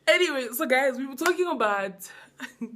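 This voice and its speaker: A young woman with a South African accent runs a casual chat on her vlog. She sounds bubbly and quick to laugh, her voice a little higher than most. She talks over her guests freely. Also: animated, sharp tone. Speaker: vlog host.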